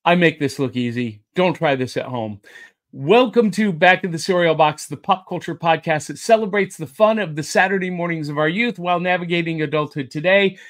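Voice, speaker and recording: A man's voice: a little high, fairly quick, a bit bright. A man hosting a pop culture podcast, with jokey, upbeat showman patter. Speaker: podcast host. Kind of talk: casual podcast chat.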